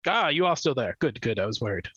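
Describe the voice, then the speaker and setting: A man's voice: medium pitch, very animated, quick pace, fairly bright tone, lo-fi sound, a little hiss or hum. A man doing a mock-polite mech pilot. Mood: mock-concerned.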